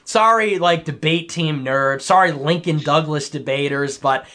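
A man with a high voice talks on a casual podcast panel. He is sarcastic and slips into mocking put-on voices. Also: unhurried, bright, forceful tone. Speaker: podcast guest.

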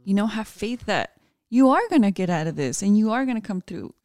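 A woman's voice: medium pitch, animated, brisk, a little mellow, no echo. A woman in her thirties talking tenderly and affectionately as co-host, switching between English and Spanish. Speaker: co-host, wife. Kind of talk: heartfelt casual chat.

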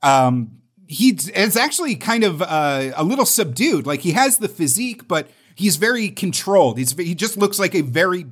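A man co-hosting a casual comics podcast, telling stories with jokes and quick put-on voices. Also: high-pitched. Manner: joking, animated storytelling with quoted voices. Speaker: podcast co-host.

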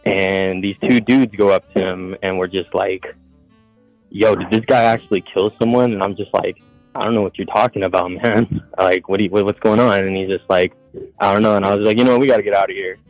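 A man's voice: on the low side, fairly even intonation, a little fast, no room sound, faint music behind, poor audio. A man calling in to a show, telling a long story in a casual, profane, rambling way and acting out what others said. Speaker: caller.

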